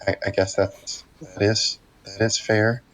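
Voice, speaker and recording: A man playing a tabletop game, talking in a hesitant, halting way. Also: lowish voice, flat delivery, a bit bright, rough recording. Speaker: player.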